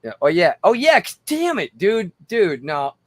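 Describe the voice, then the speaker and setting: A man's voice: sits high, very animated, a little slow, no echo. A tipsy man hosting a casual livestream, rambling and swearing between laughs. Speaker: livestream host.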